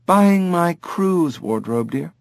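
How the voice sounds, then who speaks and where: A man's voice: a little high, lively intonation, takes it slowly, vocal fry, no echo, pitched above the performer's own voice, exaggerated voice. A man reading an audiobook, voicing an older, well-off woman who brushes off bad news with breezy, chiding remarks.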